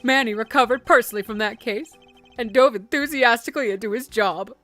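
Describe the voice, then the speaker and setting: Lady reading out a stately formal ambassador guy in a game, bright voice, kinda high. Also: fairly quick, faint music behind, close to an everyday voice. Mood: mournful. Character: formal middle-aged male ambassador, proud of his small nation.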